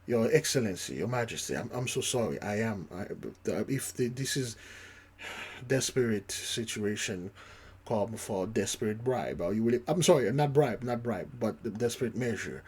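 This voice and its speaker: A man's voice: fairly low pitch, lively intonation, normal speed, a little mellow, husky, voice pushed down. A man voicing a nervous, groveling male envoy who pleads and stammers.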